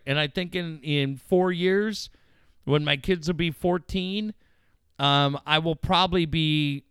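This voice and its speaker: A middle-aged man hosting a casual radio chat. He gets excited, swears freely and acts out quotes with big jumps in pitch. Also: clear, resonant tone, no room sound, studio quality. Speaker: radio show host.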